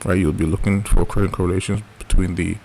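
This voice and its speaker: A man's voice: sits low, flat delivery, fast talker, vocal fry, a little mellow, a little hiss or hum. A man teaching a live trading lesson in a casual coaching way, often checking in with "right?". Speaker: trading educator.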